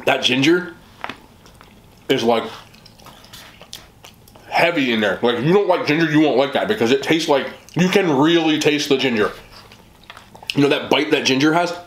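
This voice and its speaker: A man's voice: mid-range voice, moderate pace, long pauses, echoey room, a little hiss or hum. A man hosting a casual eating vlog, chatting with his mouth full about the food. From West Indian family. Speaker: mukbang host.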